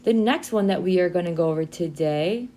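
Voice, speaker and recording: In an English vocabulary lesson, a young adult woman models phrases slowly and clearly for learners to repeat back. She has a lowish, mellow voice.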